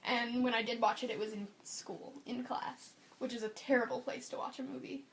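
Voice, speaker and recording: A young adult woman co-hosting a podcast in casual chat, animated and blunt in her opinions. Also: fairly high pitch, moderate pace, slight background noise. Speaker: podcast co-host.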